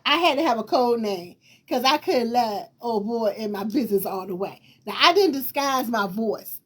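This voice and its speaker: A woman's voice: a little high, normal speed, husky. A woman host casually telling a personal story to her viewers, with a distinctive voice, acting out bits of dialogue and laughing as she goes. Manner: animated, repetitive retelling with quoted dialogue and laughter. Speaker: talk show host.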